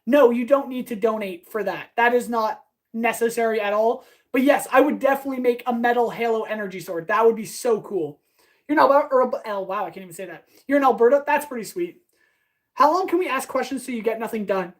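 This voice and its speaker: A woman blacksmith chatting fast and eagerly with her live-stream audience while she works in her workshop. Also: on the high side, poor audio. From Canada. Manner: chatty, talks fast, answers chat eagerly. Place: workshop with power tools.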